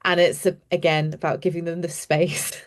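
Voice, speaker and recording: A woman's voice: lowish voice, little pitch movement, moderate pace. A woman, a youth participation practitioner, telling stories chattily and enthusiastically on a video call. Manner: enthusiastic, chatty, trails off and restarts often. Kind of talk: animated storytelling in an online panel.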